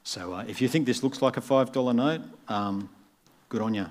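A man's voice: medium pitch, normal speed. A man, a pastor giving a conversational sermon and acting out the voices in his story. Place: church.

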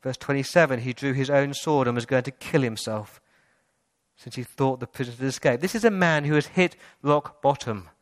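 A man's voice: medium pitch, a little fast, no echo, studio quality. A man preaching a sermon in a church, asking rhetorical questions and building to emphatic passages. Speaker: pastor. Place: church hall.

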